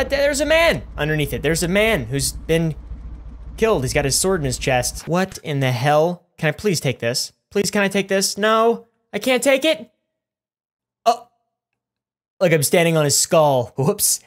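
A young man giving rambling, self-mocking gameplay commentary with plenty of swearing. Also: fairly high pitch. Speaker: gaming YouTuber.

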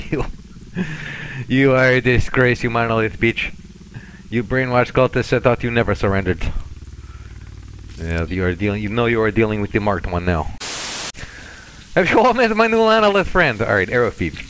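A man's voice: medium pitch, big pitch swings, moderate pace, long pauses, a bit bright, a little hiss or hum, rough recording. A man putting on a thick fake-Russian-accented stalker. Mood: gloating. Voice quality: thick put-on accent, swearing threats. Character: swaggering, threatening male stalker bossing hostages. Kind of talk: game role-play.

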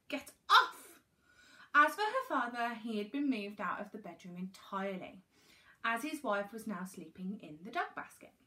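An English woman, a primary school teacher, reading a storybook aloud to young children with animated expression. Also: medium pitch.

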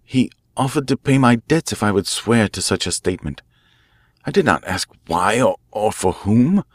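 A man's voice: on the low side, animated, moderate pace, dry recording, studio quality. A man reading a classic mystery aloud, voicing a nervous male prisoner who pleads and confesses in a strained, broken way. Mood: confessing. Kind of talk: audiobook character voice.

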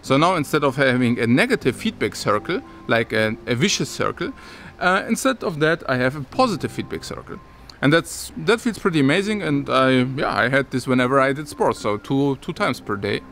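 A man's voice: medium pitch, lively intonation, brisk, fairly bright tone, slight background noise. A man talking casually to his viewers as a vlogger, rambling and restarting his sentences, with occasional chuckles. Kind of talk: casual talk to camera.

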